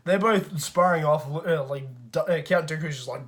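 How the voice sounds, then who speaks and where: A man's voice: fairly high pitch, normal speed, a bit bright. A man giving a casual movie review rant, swearing often and restarting his sentences with lots of fillers. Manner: profane, frequent stammered restarts and fillers. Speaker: film reviewer.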